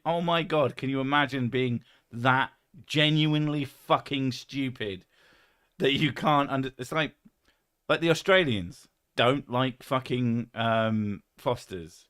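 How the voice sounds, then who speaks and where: A man's voice: medium pitch, slow pace, a bit bright, clean tone. A man with a London accent hosting a casual chat over whisky, blunt, swearing freely and laughing often. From England. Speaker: podcast host.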